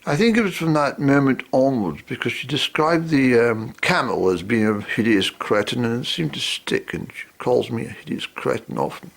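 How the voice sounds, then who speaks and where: A man's voice: medium pitch, expressive, moderate pace, creaky, few pauses. A man telling a humorous personal anecdote in a rambling way, full of fillers and asides. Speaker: storyteller.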